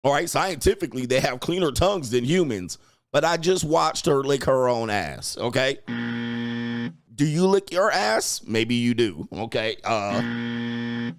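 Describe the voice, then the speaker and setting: A man's voice: mid-range voice, a little slow. A man coaching and commenting on clips in a crude, mocking way, laughing often. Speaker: dating coach.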